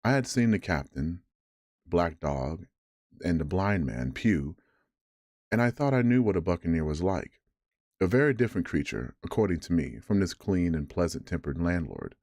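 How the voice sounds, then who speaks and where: A man reading a classic adventure novel aloud as a bedtime story, measured with occasional stumbles over words. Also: deep voice, lively intonation, a little mellow, no room sound, studio quality.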